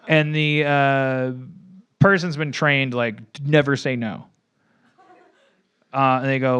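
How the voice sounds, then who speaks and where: A man telling a long improvised joke on a comedy podcast, halting, breaking off and laughing as he goes. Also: mid-range voice, steady tone, fairly bright tone, clean tone. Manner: halting, self-interrupting, laughing.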